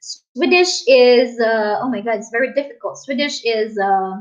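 A woman's voice: fairly high pitch, animated, measured pace. Chatty woman livestreaming. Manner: chatty, laughs often, reads viewer comments aloud. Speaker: livestream host. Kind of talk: casual livestream chat. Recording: dull lo-fi stream audio.

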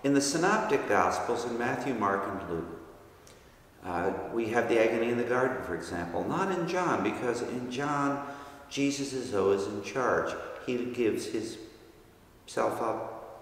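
A man's voice: mid-range voice, lively intonation, a little slow. A man leading a Bible study lecture who explains terms patiently, step by step. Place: church hall. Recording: very echoey church hall with long reverb.

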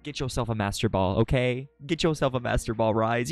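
A man live-streaming from his home setup on a desk mic, chatting casually with viewers, playful and swearing, often jumping into high squeals. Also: a little fast, soft background music. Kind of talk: casual chat reading out viewer messages. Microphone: desk microphone.

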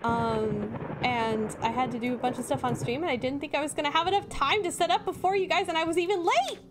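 Jumpy high-voiced woman streaming a horror game. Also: fairly quick, hardly any pauses, faint music behind. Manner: jumpy, nervous laughter, sudden screams; chatty, apologetic asides to viewers. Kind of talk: casual live-stream chat.

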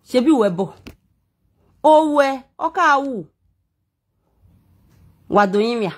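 A Nigerian woman vlogs an emotional personal rant to her viewers, heated, defensive and rambling. Her high voice is expressive and slow.

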